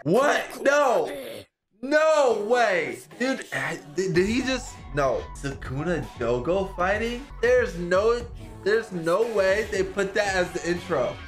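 A man hosting an anime reaction channel, talking casually and excitedly, exclaiming and swearing as he talks to the screen. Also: sits high, a little slow. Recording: music playing loud behind.

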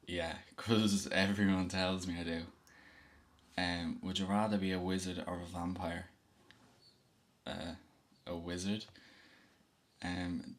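Slow, low-voiced Dublin man. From Ireland. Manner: slow, relaxed, hesitant with frequent ums. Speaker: vlogger. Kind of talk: casual accent-test video.

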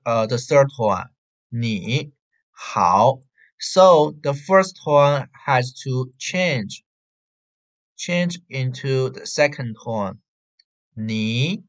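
A man with a Chinese accent teaching an online beginner Chinese class, repeating syllables slowly for drills over a video call. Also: mid-range voice, expressive. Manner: slow, repetitive drilling of syllables.

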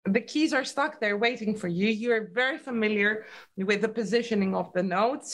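A woman's voice: mid-range voice, normal speed. A woman teaching a piano masterclass online, patiently coaching with questions and calling out dynamics as the student plays.

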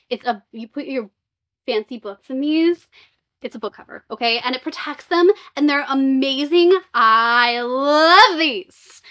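A young woman vlogging a book box unboxing, reading blurbs aloud and reacting with excitable, gushing asides. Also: high-pitched. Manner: excitable and gushing, with squealing outbursts and jokey asides. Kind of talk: casual unboxing chat mixed with read-aloud book blurbs.

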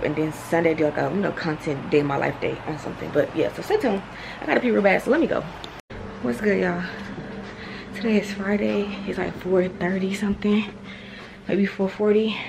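A young woman chatting through a day-in-my-life vlog, rambling and talking straight to her followers. Her voice sits fairly low with a gravelly, fry-heavy texture. The home recording carries a clear hiss of background noise. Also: a little fast. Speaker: vlogger.

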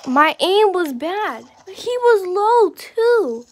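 A young woman chatting casually while playing a video game, reacting out loud to what happens. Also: very high-pitched, very animated, drawn-out words. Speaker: gamer. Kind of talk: casual gameplay commentary.

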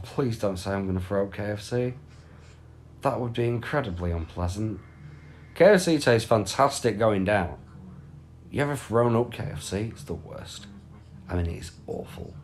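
British male streamer, low voice, unhurried rambling chat into a phone at home with faint background hiss. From United Kingdom. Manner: rambling, chatty, thanks viewers for gifts. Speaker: live streamer. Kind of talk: casual live-stream chat. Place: at home, lying down.

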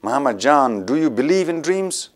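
A man's voice: mid-range voice, very animated, moderate pace, pitched above the performer's own voice, natural voice. A man with an Afghan accent reading the part of a frightened, superstitious young woman on the run, in an earnest, pleading way. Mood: fearful. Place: studio.

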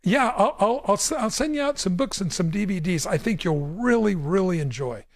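High-voiced emphatic preaching man. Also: expressive, a little fast, no room sound. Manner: emphatic, preacher-like, repeats words when pressing a point. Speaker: pastor and radio show host. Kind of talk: call-in Bible question show. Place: radio studio.

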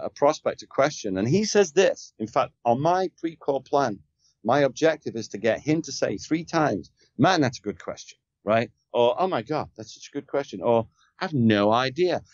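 A man's voice: medium pitch, no room sound, muffled recording. A man who is a sales trainer and podcast guest, talking in an emphatic, coaching way and often firing off rhetorical questions. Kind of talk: conversational coaching.

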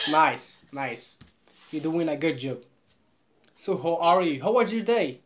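Low voiced moroccan lady on a video call, broken english, says things twice. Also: lively intonation. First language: Moroccan Arabic. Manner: halting learner's English, repeats herself. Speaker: vlogger. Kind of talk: casual video call chat.

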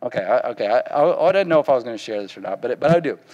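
A man's voice: mid-range voice, lively intonation, very fast, a little mellow, big-room sound, highs cut off. A man with a Southern accent preaching a sermon in a folksy, conversational way, often asking the congregation questions. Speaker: pastor.

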